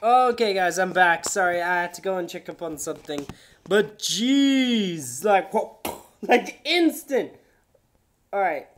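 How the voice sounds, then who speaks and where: A woman's voice: lowish voice, animated, unhurried, noisy background. A woman hosting a reaction video, exclaiming, swearing and laughing in disbelief. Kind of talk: casual reaction commentary.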